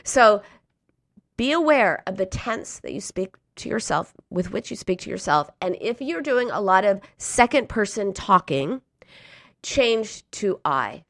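Woman, coaching talk, earnest and encouraging, very lively pitch, dry close sound. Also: a little slow, dry recording. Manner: earnest, encouraging, acts out the harsh inner voice. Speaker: speaker on emotional eating.

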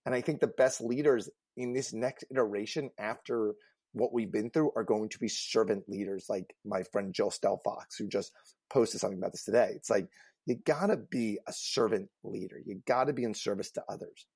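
A man co-hosting a casual panel talk as a career coach, earnest and emphatic, growing animated as he tells stories. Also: on the low side, moderate pace, slightly rough, dry recording.

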